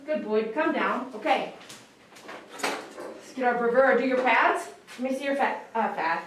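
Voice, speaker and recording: A woman dog groomer on a live stream, talking softly and emotionally to a dog while she grooms it. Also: fairly high pitch, moderate pace, long pauses. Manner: soft, emotional, coaxing talk to a dog. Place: grooming room. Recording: roomy sound from a distance over faint noise.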